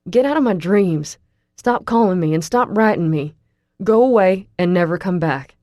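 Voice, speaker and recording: An angry young college man spits harsh accusations in a dark, mellow voice that still reads as loud and raw. A woman narrator puts him on in a dry, close reading for an audiobook. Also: lowish voice, expressive, moderate pace, no echo, close to an everyday voice. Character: angry frightened young male college student.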